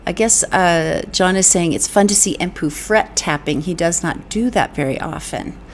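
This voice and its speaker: A woman's voice: on the low side, moderate pace, a little hiss or hum. Enthusiastic woman reading chat comments aloud. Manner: enthusiastic, breathy exclamations of awe. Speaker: vocal coach streaming a music reaction.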